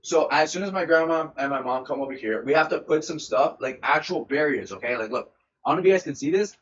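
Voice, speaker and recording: A young man streamer telling a story in a casual, animated way, full of swearing and repeated words. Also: a little high, quick pace, lo-fi sound, slight background noise. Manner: animated, profane, repeats himself often.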